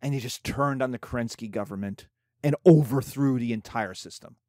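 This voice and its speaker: A man teaching a history lesson in a conversational, animated way, often checking in with asides. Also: medium pitch, a little fast, dry recording, clean studio sound. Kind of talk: casual history lecture.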